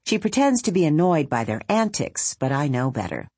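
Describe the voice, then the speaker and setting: A woman narrating a children's audiobook in a soft storytelling manner. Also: low-pitched, very animated, normal speed, slightly rough, dry recording. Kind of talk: scripted narration. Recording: dry close studio sound.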